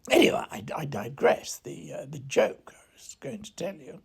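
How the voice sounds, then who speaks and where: A man's voice: a little high, sing-song, moderate pace, gravelly, darkish tone, slightly rough. An English man telling a rambling comic story at home at night, stammering and half-whispering as he meanders and digresses. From England. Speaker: comedian.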